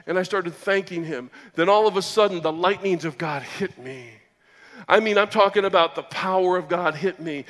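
A man preaching his personal testimony as a sermon, moving between loud excited bursts and low, quiet storytelling. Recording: long hall reverb.

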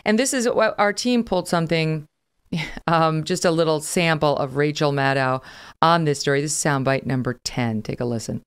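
Woman host, deep smooth voice, brisk and wry. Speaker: podcast host. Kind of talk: conversational interview.

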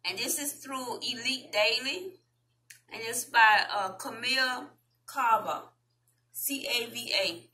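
A woman with a Southern US accent, chatting casually with viewers as a vlogger and reading an article aloud in a slow, deliberate way. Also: a little high, sharp tone, slight background noise, rough recording.

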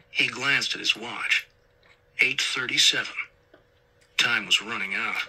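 A man's voice: medium pitch, a little slow, long pauses, pushed and bright, breathy edge, poor audio. A man narrating a crime story as an audiobook reader, acting out tense whispered dialogue. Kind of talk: scripted narration.

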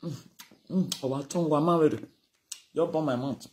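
Animated and scolding, a Nigerian-accented speaker rants casually to camera, mixing Pidgin with Yoruba. The voice is mid-range, and the speaking pace is moderate.

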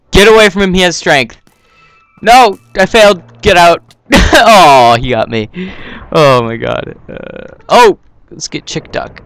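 A young man talks over his own game session, swinging quickly between mumbled asides and sudden excited yelps. His voice is smooth and clear, and his pitch leaps around a lot as he reacts to the play. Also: dry recording. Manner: excitable, yelps and laughs at the action. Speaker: gaming channel host. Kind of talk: casual gameplay commentary.

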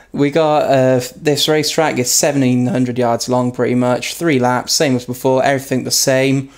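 A man commenting on his own racing gameplay, joking at his own expense and yelping loudly when he crashes. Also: steady tone, measured pace. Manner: self-mocking, yelps high when crashing. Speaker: gaming YouTuber. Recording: loud background noise.

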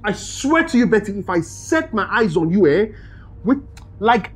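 An actor playing a furious betrayed husband, husky and accusing. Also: male voice, high-pitched, very animated, moderate pace, soft background music, heavily acted. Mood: angry. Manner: bitter, accusing, shouting in bursts. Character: furious betrayed husband, young adult man.

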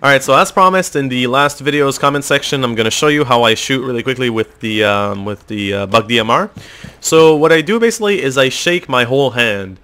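A man's voice: medium pitch, a little fast, bright, forceful tone, clear, resonant tone. A man casually commenting on his own gameplay, chatty and swearing freely, explaining his tricks into a desk microphone. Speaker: gamer and video host.

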